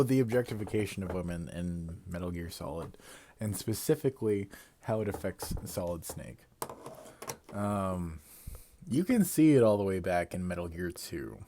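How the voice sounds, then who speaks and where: A man with a fairly low voice, talking live on a stream. He rambles through a long theory in a loose, casual way, loses his place now and then, and swears and laughs at himself. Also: mellow, a little hiss or hum.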